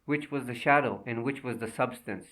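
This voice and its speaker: A man narrating a thriller audiobook with a steady, measured delivery. His voice sits at an ordinary male pitch. He sounds a little distant from the microphone.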